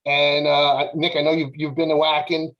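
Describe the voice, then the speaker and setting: Higher-pitched male panelist, rambling, animated storytelling. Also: normal speed, dull audio. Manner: animated, lots of filler words. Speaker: podcast panelist. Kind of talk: casual storytelling.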